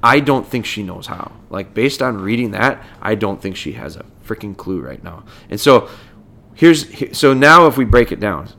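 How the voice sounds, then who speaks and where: A man's voice: on the low side, very animated, normal speed, gravelly, bright, forceful tone. A man hosting a podcast as a dog trainer, explaining things in a casual, conversational way and breaking points down step by step.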